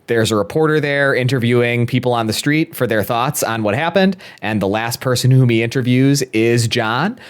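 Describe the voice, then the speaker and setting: A man's voice: medium pitch, normal speed, hardly any pauses, clear, resonant tone. A young man co-hosting a podcast, recapping a film from his notes in a dry, self-deprecating way. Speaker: podcast co-host.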